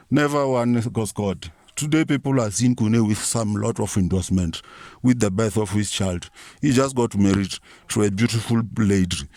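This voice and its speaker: Low-voiced South African man ranting comically. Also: moderate pace, darkish tone, no room sound, studio quality. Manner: rambling, profane, mock-preachy. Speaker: comic storyteller. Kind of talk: comic rant monologue.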